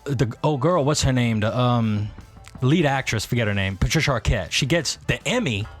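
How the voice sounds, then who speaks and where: A man from Louisiana with a South Louisiana accent, co-hosting a podcast and telling stories quickly, with frequent laughter. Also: medium pitch, expressive, soft background music. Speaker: podcast co-host. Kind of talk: casual podcast chat.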